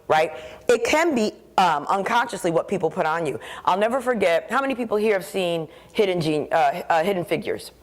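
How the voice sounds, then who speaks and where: A woman speaking into a stage microphone at a conference keynote, her voice sitting a little low. She tells her story with animated energy and acts out the voices in her head.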